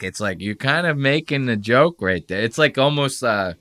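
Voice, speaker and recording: Profane, animated male podcast host. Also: fairly low pitch, normal speed, hardly any pauses. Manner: profane, animated, mocking impressions. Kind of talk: casual commentary reacting to clips.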